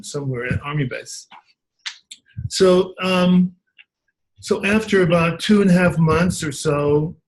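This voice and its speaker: A man telling an anecdote in an animated way, acting out the voices of the people in it. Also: a little high, a little hiss or hum, rough recording. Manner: animated, acts out quoted voices. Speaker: guest storyteller. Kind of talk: anecdotal storytelling.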